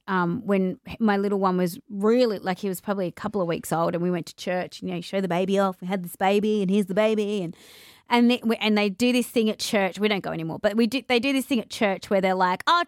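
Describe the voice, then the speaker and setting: A young adult woman hosting a casual conversation, animated and acting out the voices of people in her stories. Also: medium pitch, no echo, clean studio sound. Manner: animated, acts out quoted voices. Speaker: podcast host.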